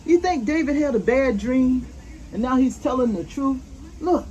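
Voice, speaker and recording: With a high voice and lively intonation, an older woman slowly and gently reads a picture book to her grandchildren and asks them questions. The recording is rough, with faint roofing work noise behind.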